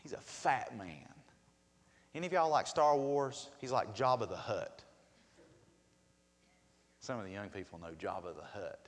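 Pastor preaching in a reverberant hall. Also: male voice, on the low side, measured pace, long pauses. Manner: lively, questioning the congregation, swings from loud to soft. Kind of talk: sermon.

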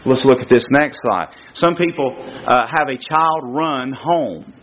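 A man preaching a sermon as a guest speaker at a church service, emphatic and full of rhetorical questions. His pitch swings widely as he talks. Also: a little slow, fairly bright tone. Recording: lo-fi dull recording.

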